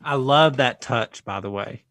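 A man's voice: medium pitch, unhurried, fairly bright tone, no echo. A man with a mid-range voice co-hosts a casual podcast, heard dry and close. He sounds sure of himself as he speculates. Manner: confident, speculative. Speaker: podcast co-host. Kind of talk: casual chat.

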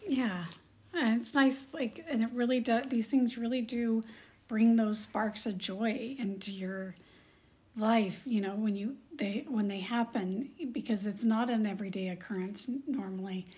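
A woman, a mother, co-hosting a podcast, telling a personal story in casual chat and acting out the quoted dialogue in a higher voice. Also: measured pace, dark tone. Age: adult with children. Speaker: podcast co-host.

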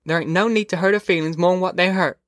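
A man voicing a weary, steadfast migrant mother who speaks quietly and firmly in a rural drawl. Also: high voice, fairly even intonation, fast, no echo, clean studio sound, pitched above the performer's own voice. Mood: soothing, stern.

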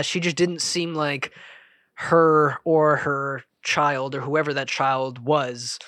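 A man's voice: a little high, fairly bright tone, no echo, clean studio sound. A man hosting a podcast, telling a rambling, profane story in a casual monologue. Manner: rambling, profane, self-interrupting. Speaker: podcast host.

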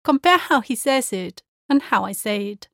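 A woman language teacher giving a pronunciation lesson, speaking clearly and carefully as she demonstrates sounds. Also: a little high, animated, normal speed, fairly bright tone, dry recording, studio quality.

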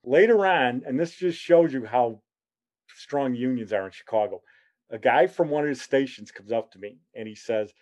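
A man's voice: mid-range voice, moderate pace, a little mellow. A middle-aged man hosting a show, telling a long personal story in a rambling, self-deprecating way. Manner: rambling, self-deprecating humor, many fillers and asides. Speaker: show host.

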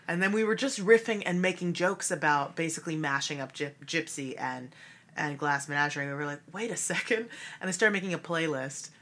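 A woman's voice: low-pitched, animated, brisk, fairly bright tone. A woman, a stage actress and cabaret performer, chatting casually in an interview, laughing often and talking with many fillers. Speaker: musical theatre actress and cabaret creator.

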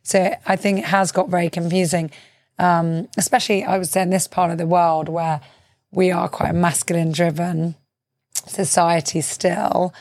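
Woman, podcast host, lowish voice, thoughtful, filler-heavy, frequent backchannels, dry close sound. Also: little pitch movement, moderate pace, a little mellow, no echo. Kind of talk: conversational interview.

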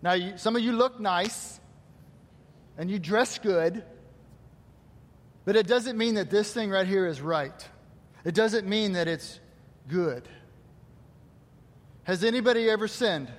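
A man's voice: high-pitched, slow pace, long pauses. A male pastor preaching a sermon to his congregation, asking rhetorical questions and quoting scripture. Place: church hall. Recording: long hall reverb.

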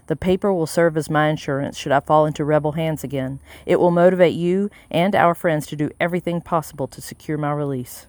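A reader voicing a wary, wealthy colonial-era gentleman who talks in a curt, guarded way in an audiobook. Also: medium pitch, fairly even intonation, a little fast, few pauses, no echo, clean studio sound, lightly acted. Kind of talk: audiobook character reading.

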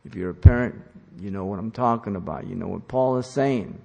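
A man preaching a sermon, teaching in an emphatic style that rises to loud commands. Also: lowish voice, brisk, vocal fry. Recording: long hall reverb.

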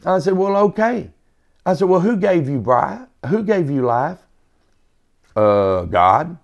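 A man's voice: a little high, big pitch swings, slow pace, vocal fry. A man tells an earnest personal faith testimony, acting out both sides of a conversation with a preacher's emphasis. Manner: earnest storytelling, quotes himself and others, preacherly emphasis. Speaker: podcast host, former EMT.

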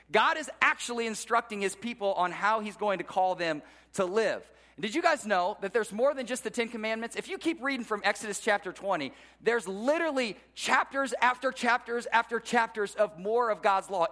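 A man preaching a sermon to his congregation, animated, with rhetorical questions and swings between soft low tones and loud emphatic peaks. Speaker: pastor.

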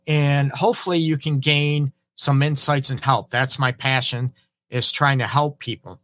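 A middle-aged man, a relationship counselor, hosting an advice talk while hoarse from a cold, earnestly checking in with his listeners. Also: mid-range voice, fairly even intonation, unhurried, fairly bright tone, no room sound. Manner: earnest, keeps asking "right?" and "okay?". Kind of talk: live-streamed advice talk.

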